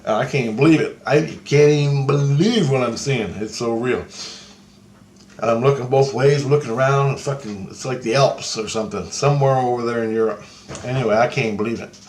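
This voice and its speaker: Guy rambling about a vision he had, swears a lot, mid-pitched voice, bit of faint noise behind. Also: fairly quick, darkish tone. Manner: profane, breathless, awestruck. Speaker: storyteller recounting a vision. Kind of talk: rambling first-person account.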